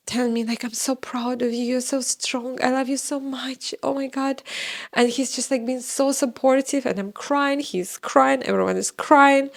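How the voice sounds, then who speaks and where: A young woman whose first language is Russian, telling a personal story in a casual, animated way, with sudden high exclamations. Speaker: vlogger telling her birth story.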